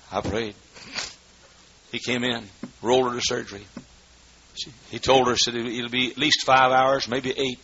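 A man preaching a sermon as pastor in a church, swinging between shouted fervor and hushed storytelling. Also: mid-range voice, flat delivery, moderate pace, long pauses. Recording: dull lo-fi recording with faint noise.

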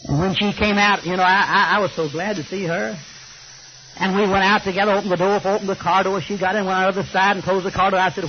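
Brief: older man preaching, joking storyteller, higher voice, muffled lo-fi recording. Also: steady tone, fast. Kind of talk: sermon. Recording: slightly muffled recording with faint hiss.

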